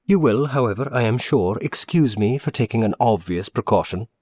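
A man's voice: mid-range voice, lively intonation, moderate pace, a little mellow, breathy edge, no echo, clean studio sound. A man voicing a fussy, eager middle-aged male manager who speaks earnestly and formally.

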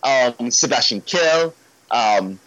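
A man's voice: mid-range voice, animated, takes it slowly, a bit bright, muffled recording. A man speaking as a guest on a football podcast, talking in a casual, ranty way and swearing when he gets worked up.

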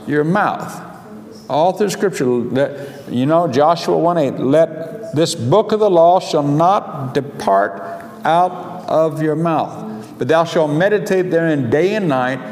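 Slow, emphatic male preacher in a reverberant hall. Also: fairly high pitch. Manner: slow, drawn-out emphatic delivery, reading scripture aloud. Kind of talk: sermon. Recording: long hall reverb, faint background noise.

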